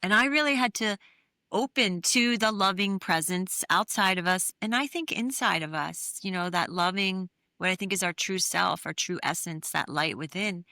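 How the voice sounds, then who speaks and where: A woman's voice: fairly low pitch, moderate pace, sharp tone, no echo, studio quality. A middle-aged woman, an interview guest, telling a personal story in an earnest, candid way with many fillers. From New England. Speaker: interview guest, therapist and author.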